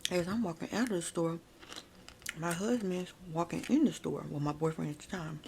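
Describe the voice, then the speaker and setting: A woman's voice: on the low side, normal speed, background noise. A woman chatting through a casual ASMR storytime, talking straight to her viewers and using "like" a lot, close to the mic. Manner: chatty, frequent "like" and "y'all"; addresses viewers directly.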